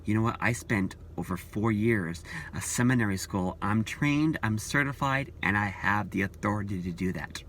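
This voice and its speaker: A man voicing a self-assured male pastor who speaks firmly and in a measured way, a little lower than his own voice. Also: a bit bright, slight background noise. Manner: firm, measured.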